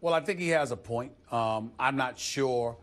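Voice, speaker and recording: On a studio sports debate show, a man argues emphatically and insistently, repeatedly cutting in and saying "listen" to grab the floor. He has a mid-range voice and speaks at normal speed.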